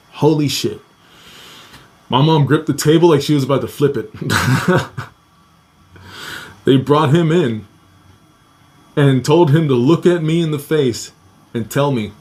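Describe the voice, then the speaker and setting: A young man casually telling a personal story, swearing a lot, acting out quoted voices and laughing between lines. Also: medium pitch.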